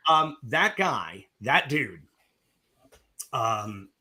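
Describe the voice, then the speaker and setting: A middle-aged man with a husky, bright, forward voice tells stories from his career in a relaxed interview. He is animated and profane, and he jumps into quoting both sides of old conversations as he goes. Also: mid-range voice, drawn-out words. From US East Coast. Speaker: film director, interview guest. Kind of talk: casual interview storytelling.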